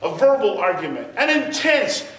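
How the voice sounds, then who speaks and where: A man teaching a church Bible class. He tells personal stories in an animated way, stammers and restarts, laughs as he talks, and drops his voice low for effect. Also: normal speed. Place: church sanctuary. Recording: roomy church sound picked up from a distance.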